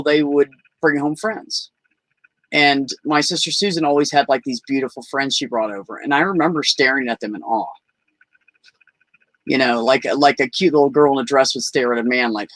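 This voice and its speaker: A man's voice: on the high side, fairly bright tone, dry recording. A man telling candid personal stories as a podcast guest over a video call, rambling and frank, with lots of "you know" and "like".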